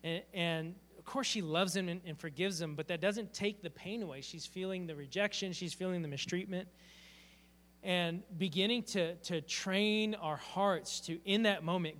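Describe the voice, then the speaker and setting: A man's voice: sits high, moderate pace, fairly bright tone. A man preaching a sermon as a pastor, telling a personal story in an earnest, heartfelt way. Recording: long hall reverb.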